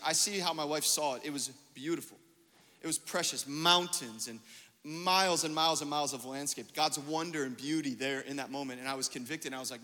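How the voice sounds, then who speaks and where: A man preaching a sermon as pastor, telling a story with lively quoted dialogue. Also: fairly high pitch, big-room sound.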